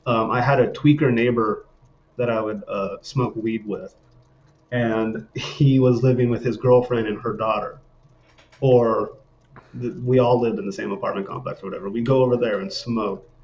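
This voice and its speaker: A man's voice: medium pitch, fairly even intonation, moderate pace, a little mellow. A man in casual conversation, rambling through eerie personal stories with many fillers, guest on a paranormal podcast. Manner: rambling, laid-back, frequent fillers. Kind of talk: casual storytelling. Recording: dull lo-fi sound.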